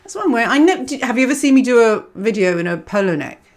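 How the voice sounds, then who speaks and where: A woman's voice: fairly high pitch, animated, fast. A woman giving a casual astrology reading, rambling and self-mocking. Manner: rambling, digressive, self-mocking, laughs often.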